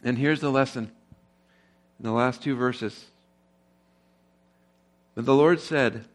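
A man's voice: mid-range voice, slow pace, pauses often. A man preaching a sermon in a conversational tone. He asks the congregation rhetorical questions and grows more emphatic as he drives home a point. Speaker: pastor.

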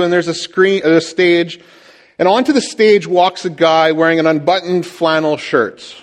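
Guy pastor giving a sermon, chatty, jokes at himself, lots of ums, voice a bit high. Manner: chatty, self-deprecating humor, frequent fillers. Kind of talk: sermon with church announcements.

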